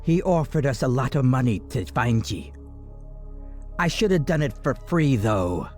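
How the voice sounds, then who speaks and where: A man's voice: medium pitch, animated, a little slow, darkish tone, natural voice. A fierce female halfling warrior in plate armor, voiced by a man reading an audiobook hisses with scorn in a thick accent. Her words come out clipped and disdainful. Faint music sits under the voice. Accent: thick unplaced accent. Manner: hissing, disdainful.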